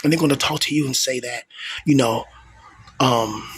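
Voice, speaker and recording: A man's voice: a little high, normal speed, breathy edge, no room sound. A man in his thirties venting in a rambling monologue, stumbling and repeating words, with coarse, profane street talk. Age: 30s. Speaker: vlogger.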